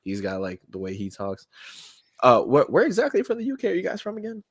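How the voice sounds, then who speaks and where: A man hosting a podcast, excitable and swearing in casual chat. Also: on the high side, a little fast, dry recording, clean studio sound. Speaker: podcast host.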